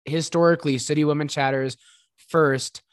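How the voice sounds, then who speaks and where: A man's voice: a little high, fairly even intonation, normal speed, no echo, studio quality. A man with a Midwestern accent co-hosting a podcast, bantering playfully with frequent giggles. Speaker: podcast co-host. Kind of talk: casual chat.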